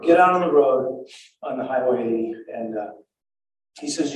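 An older man recounting a survival ordeal in a halting, breathless way, full of restarts and repeated words. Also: mid-range voice. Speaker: survivor telling his story. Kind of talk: spoken first-person recollection. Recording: very echoey and far from the mic.

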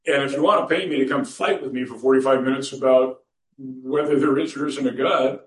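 Speaking at a normal pace in a mid-range voice, a pastor and counselor gives a folksy sermon in the sanctuary, chuckling over his anecdotes. It was recorded from a distance, with the room's spaciousness audible.

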